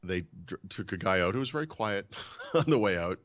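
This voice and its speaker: A man's voice: low-pitched, brisk, muffled recording. A man hosting a podcast, casually telling a story and acting out the people in it. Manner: animated storyteller, acts out quoted dialogue. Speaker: podcast host.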